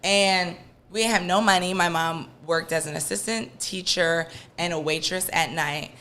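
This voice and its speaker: A woman guest on a podcast, telling a story from her childhood in a lively way and acting out the voices of the people in it. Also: lowish voice, a little slow. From Washington, D.C. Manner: lively, animated storyteller, acts out quoted voices. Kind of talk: casual storytelling interview.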